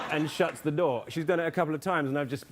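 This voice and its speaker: A man's voice: fairly high pitch, very noisy. A man, a guest on a talk show, telling self-deprecating jokes and anecdotes. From England. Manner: self-deprecating, jokey storyteller. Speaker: actor guest. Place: TV studio with live audience.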